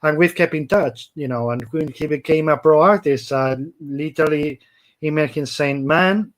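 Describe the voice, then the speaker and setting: Higher-voiced host, rambling. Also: male voice, moderate pace. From Spain. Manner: rambling, many fillers, lists names eagerly. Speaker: interview host. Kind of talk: casual interview chat.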